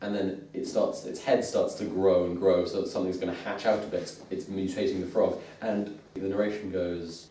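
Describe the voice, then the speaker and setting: Lively man reviewing comics. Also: low-pitched, moderate pace, few pauses, a little hiss or hum. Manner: animated, retelling scenes with laughter. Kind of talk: casual chat. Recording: echoey room, mic at a distance.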